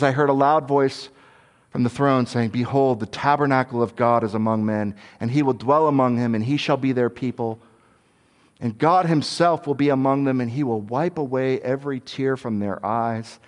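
A man preaching a sermon in an earnest way, sometimes dropping soft and low, sometimes rising and emphatic.

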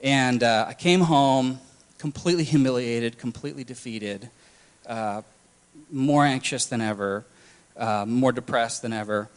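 A young man telling his personal story candidly, halting often with restarts and fillers. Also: mid-range voice, clear, resonant tone. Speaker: testimony speaker. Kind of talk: personal testimony talk.

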